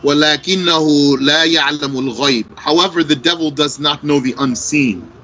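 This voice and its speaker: Male religious teacher, measured lesson delivery, bright tone, faint background noise. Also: fairly high pitch, poor audio. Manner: explains Arabic texts line by line in English, slow and deliberate.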